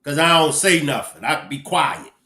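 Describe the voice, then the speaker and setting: A man's voice: on the high side, sing-song, moderate pace, sharp tone. A man with a Baltimore accent hosting a casual live stream, joking playfully with viewers and reading their names aloud. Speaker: livestream host. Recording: roomy echo.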